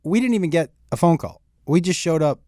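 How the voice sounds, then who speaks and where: A comedian from Massachusetts chats as a podcast guest, his pitch jumping around as he tells stories. He laughs often, and the recording is dry and close. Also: fairly quick, no echo. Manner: animated storyteller, laughs often. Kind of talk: casual podcast chat.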